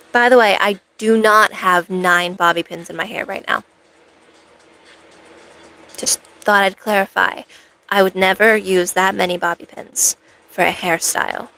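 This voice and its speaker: A woman streamer talks casually to her live chat, wandering from one thought to the next and poking fun at herself. Her middle-pitched voice carries a gravelly fry. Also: a bit bright, low-quality recording. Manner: rambling, playful, self-mocking asides. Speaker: cosplay streamer.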